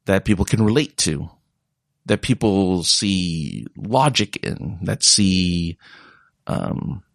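A man's voice: low-pitched, expressive, takes it slowly, vocal fry, no echo, clean studio sound. A young man talking casually in a rambling way and mocking other people's voices when he quotes them. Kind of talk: casual monologue.

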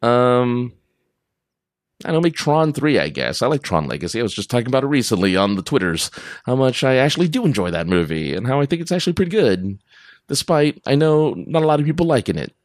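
A man's voice: medium pitch, sing-song, brisk, no room sound, clean studio sound. A man hosting a podcast in a casual, rambling monologue, going off on tangents and laughing often. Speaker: podcast host.

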